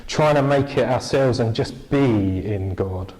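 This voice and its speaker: A man's voice: mid-range voice, a little slow, darkish tone, low-quality recording. A man preaching an informal, jokey church sermon, chatting with the congregation and asking them questions.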